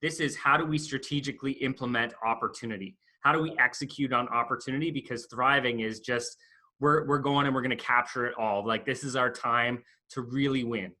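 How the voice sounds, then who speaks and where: Accountant guy on a podcast, really bright sharp voice, upbeat pep-talk kind of energy. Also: mid-range voice, steady tone, fairly quick. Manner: upbeat, motivational explaining. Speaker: accountant guest. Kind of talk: casual podcast conversation.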